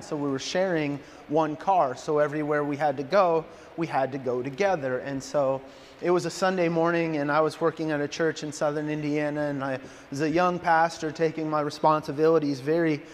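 A man in his thirties preaching as a pastor, telling a story in a lively, self-deprecating way. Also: a little high. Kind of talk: sermon with storytelling. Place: large church hall. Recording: reverberant hall, faint ambience.

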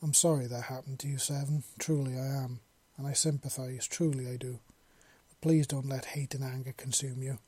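A man's voice: medium pitch, little pitch movement, moderate pace, husky, no room sound, close to an everyday voice. A man voicing an earnest young clawed creature. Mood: earnest apology. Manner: sincere, apologetic, softly spoken.

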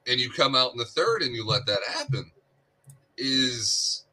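A man co-hosting a sports podcast, breaking down the game in a measured way with dry humor. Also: medium pitch, big pitch swings, sharp tone, slightly rough. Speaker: podcast co-host. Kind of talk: casual sports podcast analysis.

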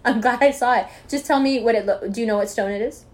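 A woman in casual chat, telling a story with animated bursts of laughing shouts. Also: on the high side, a little fast.

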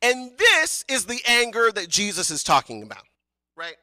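A woman's voice: fairly high pitch, huge pitch swings, moderate pace, bright, forceful tone, dry recording. A woman preaching a sermon in a casual, conversational way, with joking asides and filler words.

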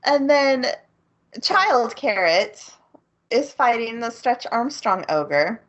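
A woman's voice: fairly high pitch, lively intonation, slow pace. A woman co-hosting a casual anime podcast, recapping the plot with giggles and frequent ums. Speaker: podcast co-host. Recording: slightly dull lo-fi recording.

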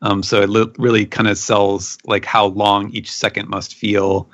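A man guest on a podcast, talking slowly and hesitantly with many fillers. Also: fairly low pitch, little pitch movement, fairly bright tone, highs cut off. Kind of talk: casual chat about a manga chapter.

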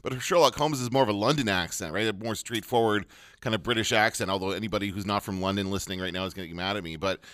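A man co-hosting a casual podcast chat, chatty and animated, laughing as he talks. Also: on the low side, fast talker, no echo, studio quality. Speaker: podcast co-host.

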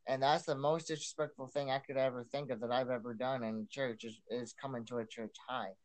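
A man's voice: mid-range voice, fairly even intonation, a little fast. Earnest young man giving testimony. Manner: earnest, repeats himself and restarts often. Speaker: podcast guest. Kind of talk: personal testimony.

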